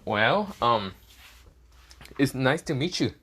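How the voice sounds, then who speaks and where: A man's voice: mid-range voice, big pitch swings, slow, fairly bright tone, breathy edge, full character voice. A man voicing a puzzled, mild-mannered young man full of questions. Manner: confused, questioning.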